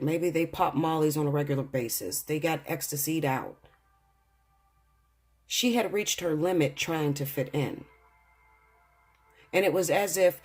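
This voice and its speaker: An earnest tarot reader with a husky, breathy voice talks straight to the viewers, emotional and close to tears as the cards are read. Soft music sits faintly underneath. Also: mid-range voice. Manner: earnest, addresses viewers directly; emotional, fights back tears. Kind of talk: spiritual tarot reading to camera.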